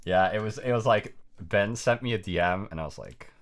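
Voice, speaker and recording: A man's voice: fairly low pitch, fairly quick. A young man chatting casually with friends during a tabletop game, laughing, swearing and acting out quoted lines. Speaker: game player. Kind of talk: casual chat between friends.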